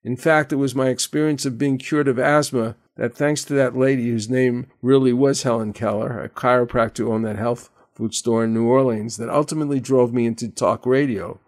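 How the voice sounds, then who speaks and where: An older man hosting a radio show, telling a personal story in measured, earnest narration. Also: medium pitch, steady tone, a little mellow. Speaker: radio host.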